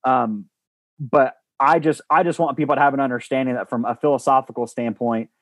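A man's voice: mid-range voice, fairly even intonation, a little fast, no room sound. A man talking about coaching in a podcast conversation, earnest and rambling, with many restarts and fillers. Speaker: guest, former baseball coach.

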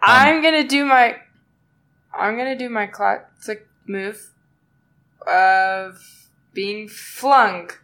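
A woman's voice: mid-range voice, drawn-out words, long pauses, sharp tone. A woman playing a tabletop game, chatty and playful. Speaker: player. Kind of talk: casual play at a tabletop game.

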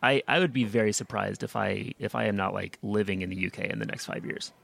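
A man's voice: fairly low pitch, fast, creaky, a bit bright. A young American man hosting a podcast, chatting casually and rambling with lots of fillers and restarts. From United States. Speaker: podcast host. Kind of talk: casual chat.

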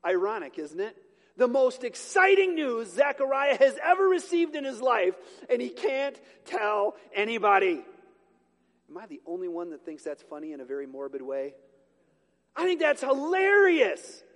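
A man's voice: very high-pitched, sing-song, moderate pace. A male pastor preaching a sermon to a congregation, conversational and joking, catching and correcting his own slips. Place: church sanctuary with a congregation. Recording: long hall reverb.

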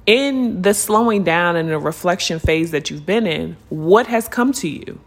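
Earnest woman hosting a reflective podcast. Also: lowish voice. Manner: casual, conversational, addresses listeners as "y'all" and "unicorns"; earnest and lively, stretching words when urging listeners to slow down. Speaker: podcast host. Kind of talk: reflective spiritual podcast monologue.

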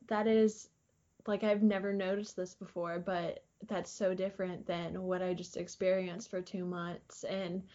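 A woman's voice: medium pitch, a little mellow, lo-fi sound. A young woman, a podcast guest telling stories in casual chat, full of fillers and laughter. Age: young adult. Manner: rambling, filler-heavy, laughs often. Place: air-conditioned recording room. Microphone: studio microphone.

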